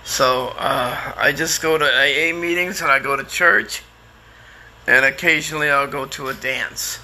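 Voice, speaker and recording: A middle-aged man with a very bright, ringing tone and a gravelly edge, pitched a bit high for a man. He talks plainly and candidly, rambling through his story with restarts and fillers. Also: unhurried, slight background noise. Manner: candid and plainspoken, sometimes swears. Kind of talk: casual personal storytelling.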